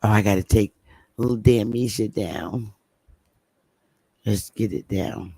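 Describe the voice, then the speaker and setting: A woman's voice: very deep voice, takes it slowly, creaky, long pauses, mellow, breathy edge, no echo. A middle-aged woman hosting a livestream, talking emphatically to her viewers and repeating points for stress. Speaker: livestream host.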